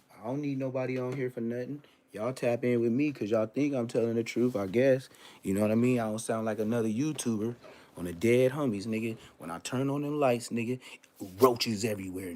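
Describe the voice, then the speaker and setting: A man's voice: mid-range voice, fairly quick, mellow, slight background noise. A man telling a story on a casual live stream, profane and emphatic, repeating street oaths.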